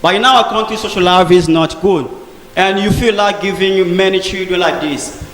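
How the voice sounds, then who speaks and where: A man's voice: sits high, moderate pace, fairly bright tone. A man earnestly explaining his point in a discussion group. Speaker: debate participant. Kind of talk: argumentative speech in a discussion group. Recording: echoey hall with long reverb.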